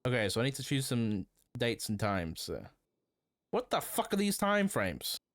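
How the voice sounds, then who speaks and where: Lively-voiced male streamer thinking aloud. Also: mid-range voice, normal speed, no room sound, studio quality. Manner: chatty, swearing, laughing, thinking aloud. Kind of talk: casual gameplay chat.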